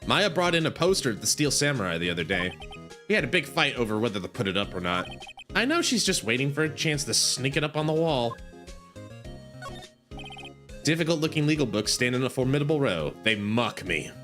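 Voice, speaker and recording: A man narrating a video game playthrough, reading its lines aloud in quick, joking asides. His pitch moves very lively from phrase to phrase, with music playing clearly in the background. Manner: quick, joking, laughs often. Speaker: gameplay narrator. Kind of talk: game playthrough with read-aloud dialogue and jokes.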